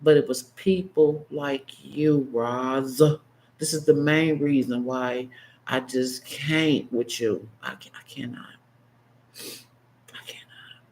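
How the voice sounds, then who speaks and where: A man in his fifties delivering an unscripted, emotional monologue as a vlogger, blunt and impassioned, swinging between heated outbursts and hushed, choked-up asides. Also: medium pitch, fairly even intonation, slow pace, creaky, slight background noise, rough recording. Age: 50s.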